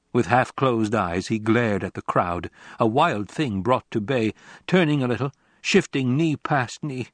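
A man giving a measured, dramatic reading as narrator of an epic poem. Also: mid-range voice, no room sound.

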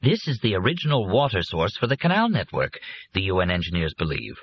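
A man reading a novel aloud as an audiobook narrator in a steady storytelling way. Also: sits low, fairly quick, slight background noise. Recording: muffled lo-fi recording.

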